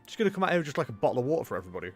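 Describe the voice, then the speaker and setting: Fast-talking, wisecracking male streamer. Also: mid-range voice, sing-song, husky, soft background music. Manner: exasperated, joking asides. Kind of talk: casual gameplay commentary.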